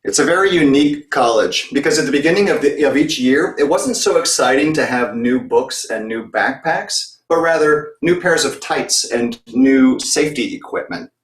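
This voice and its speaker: A man's voice: mid-range voice, animated, normal speed, hardly any pauses. A man giving a talk as a circus performer, telling his personal story in an earnest, reflective way. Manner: earnest, reflective, with occasional restarts. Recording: echoey room, distant mic.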